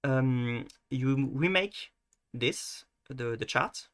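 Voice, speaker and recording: A man with a bright, forward voice talks through a casual screen-share lesson. He hesitates often, restarts his sentences and fills the gaps with ums. Now and then he pokes fun at himself. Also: mid-range voice, very slow. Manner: hesitant, many restarts and fillers; self-mocking. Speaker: video tutor.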